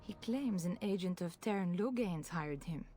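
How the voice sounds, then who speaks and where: A woman's voice: on the low side, animated, unhurried, dark tone. An actress playing a frightened noblewoman and mother in a video game, speaking in an anxious, hesitant, pleading way. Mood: fearful.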